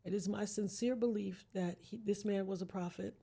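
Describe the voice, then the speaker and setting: A woman's voice: mid-range voice, steady tone, moderate pace, gravelly, warm tone, breathy edge. A middle-aged woman, a podcast guest, talking earnestly and emphatically about her life, with a preacher-like manner. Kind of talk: heartfelt personal conversation.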